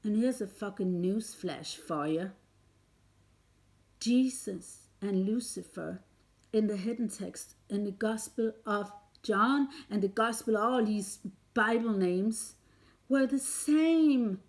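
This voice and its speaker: A woman's voice: medium pitch, takes it slowly. A woman vlogger delivering a heated, confrontational rant straight at her listener, swearing often. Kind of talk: angry direct-to-camera rant.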